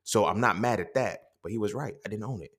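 A young man hosting a casual podcast monologue, swearing freely and acting out quoted dialogue in his stories. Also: fast talker. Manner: profane, streetwise storytelling with quoted dialogue; animated, jumps up in pitch when quoting. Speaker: podcast host.

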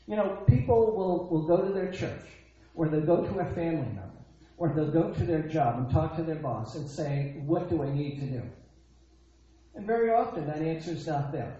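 Guy preaching a sermon, keeps repeating himself and throwing out questions, mellow voice, super echoey dull recording. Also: on the high side, animated, moderate pace. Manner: emphatic, repeats phrases, asks rhetorical questions.

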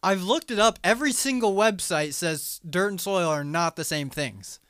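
A man's voice: high-pitched, normal speed, a bit bright, clean tone, no room sound, studio quality. A young man co-hosting a casual podcast chat, arguing his point in a matter-of-fact way. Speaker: podcast co-host.

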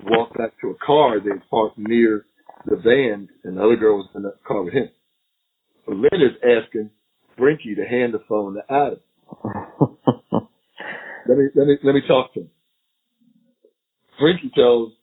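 Husky-voiced man telling a story over a tinny line. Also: medium pitch. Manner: animated, laughing storyteller who acts out quotes. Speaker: retired FBI agent, podcast guest. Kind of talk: storytelling interview. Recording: tinny phone-line audio.

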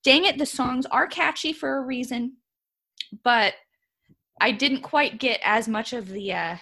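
A woman co-hosting a casual chat, opinionated and animated, often laughing as she talks. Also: on the high side, a little slow, vocal fry. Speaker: podcast co-host.

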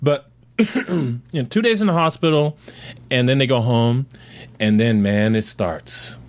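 A middle-aged man in casual chat, telling a story in a rambling, animated way full of fillers and restarts. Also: medium pitch, measured pace. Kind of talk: casual chat reviewing a show.

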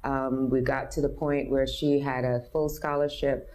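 A woman speaks with a low voice. She tells her story earnestly and openly as an interview guest, and she acts out other people's words when she quotes them. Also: flat delivery, normal speed, darkish tone. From New York City. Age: 50s.

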